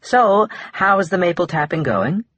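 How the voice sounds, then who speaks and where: A man's voice: high voice, lively intonation, normal speed, a bit bright, husky, dry recording, pitched above the performer's own voice, full character voice. A man voicing a chipper female TV interviewer asking questions. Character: bright, chirpy female TV interviewer.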